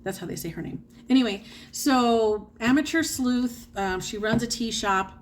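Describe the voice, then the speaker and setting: Slight background noise sits behind this American woman's slightly high voice, which moves at a normal speed. As a book vlogger, she talks casually about what she's been reading, laughing easily and frequently correcting herself.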